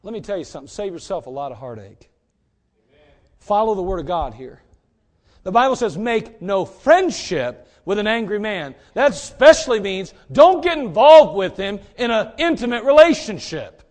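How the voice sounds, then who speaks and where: A man preaching a sermon in a folksy, direct way, swinging between loud emphasis and quiet asides. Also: sits high, very animated, normal speed.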